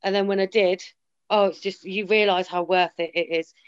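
A woman's voice: mid-range voice, steady tone, moderate pace, smooth. A woman talking candidly in a casual chat, emphatic and often quoting herself and others. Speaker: guest sharing her story. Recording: slightly dull lo-fi sound.

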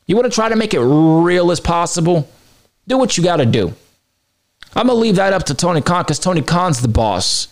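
A man hosting a wrestling podcast, delivering a heated, profane opinion rant that swings between low mutters and high outbursts. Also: sing-song, normal speed. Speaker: podcast host.

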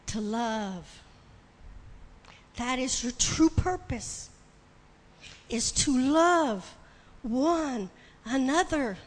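A woman preaching a sermon with passion, building to shouting and tearful cries. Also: high voice. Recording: long hall reverb, faint ambience.

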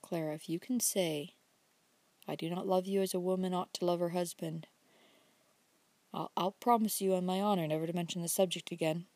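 Woman reading an earnest young suitor for an audiobook; low, hushed, insistent. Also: steady tone, fairly quick, dry recording. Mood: earnest pleading. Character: earnest young man courting his sweetheart.

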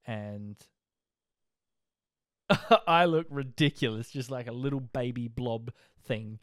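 A man's voice: mid-range voice, darkish tone, smooth, no room sound, clean studio sound. A young Australian man casually telling his life story as a podcast host, in a rambling, laid-back way. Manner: rambling, laid-back, frequent fillers and laughs.

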